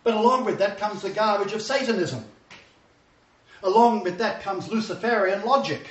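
A man's voice: high-pitched, normal speed. A man preaching a sermon lecture, emphatic and repeating his key phrases. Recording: distant, roomy, dull sound.

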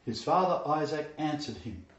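A man's voice: fairly high pitch, big pitch swings, normal speed. Man reading scripture and commenting emphatically, far off, lots of room echo. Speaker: Bible lecturer. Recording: echoey, distant, dull-sounding room.

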